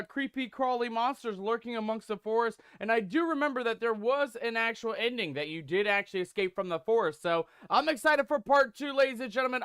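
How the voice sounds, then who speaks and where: A man's voice: very high voice, fairly bright tone, clean tone, no room sound. A man hosting a game stream in a pirate-captain persona, greeting viewers as mateys and scallywags with theatrical hype. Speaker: gaming streamer host.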